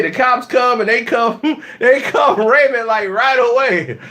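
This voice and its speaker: A man telling a funny story, laughing often and acting out the people in it with shouted lines. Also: very high voice, a little slow. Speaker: channel host telling a story. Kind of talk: animated comic storytelling.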